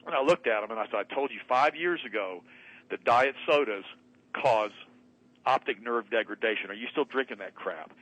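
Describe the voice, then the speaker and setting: A man's voice: medium pitch, normal speed, fairly bright tone, poor audio. A man, a doctor and guest on a talk radio show, telling a story in an emphatic way and acting out both sides of a conversation. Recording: radio broadcast.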